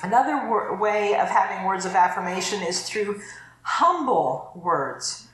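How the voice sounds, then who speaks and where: A woman's voice: medium pitch, fairly bright tone, a little hiss or hum. A middle-aged woman pastor giving a chatty, conversational sermon and laughing easily. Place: church sanctuary. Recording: echoey church room.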